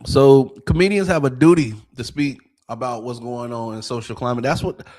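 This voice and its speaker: A man co-hosting a podcast, giving casual political commentary in an animated, profane way full of rhetorical questions. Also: medium pitch, normal speed. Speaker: podcast co-host.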